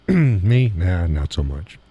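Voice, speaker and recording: Low husky guy hosting a live show, rambling and chuckling a lot while he reads the chat. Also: sing-song, slow, highs cut off. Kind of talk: casual chat reading audience chat.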